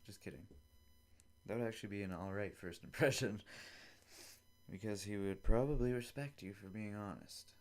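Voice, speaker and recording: This young podcast host goes solo, rambling loosely, cursing now and then, and voicing both speakers in made-up exchanges. His voice is on the low side, at normal speed.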